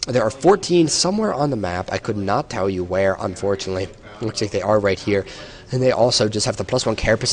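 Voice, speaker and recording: A man's voice: on the low side, lively intonation, a little fast. Tired man casting a strategy game. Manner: tired, explanatory, with some hesitations. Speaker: esports caster. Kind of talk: solo play-by-play game commentary.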